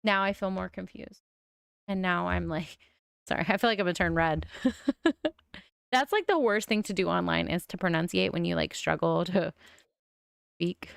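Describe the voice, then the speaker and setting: A woman's voice: on the low side, expressive, moderate pace, vocal fry, long pauses, clear, resonant tone, no room sound, clean studio sound. Chatty woman streamer with a mild lisp. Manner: chatty, musing aloud with frequent oohs. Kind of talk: casual game-building commentary.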